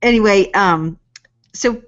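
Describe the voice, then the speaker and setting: A woman's voice: medium pitch, takes it slowly, fairly bright tone, highs cut off. A woman hosting a live-streamed interview, reading out viewer comments and rambling with many ums and restarts. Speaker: interview host.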